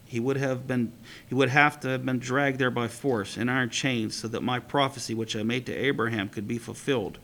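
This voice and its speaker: Brief: man reading a solemn divine voice, measured and gravelly. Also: medium pitch, steady tone, a bit bright. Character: solemn divine male voice declaring a plan.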